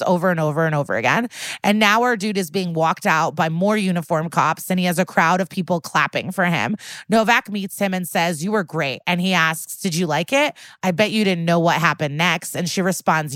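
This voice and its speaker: A woman's voice: on the low side, normal speed, fairly bright tone, no room sound. A woman co-hosting a podcast, animatedly retelling a TV episode and acting out the quotes in a casual chat. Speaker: podcast co-host.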